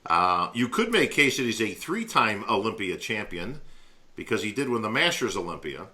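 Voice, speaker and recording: A man's voice: lowish voice, sing-song, moderate pace, bright, forceful tone. A man co-hosting a podcast, talking casually and laid-back, often saying "bro". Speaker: podcast co-host. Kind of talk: casual chat.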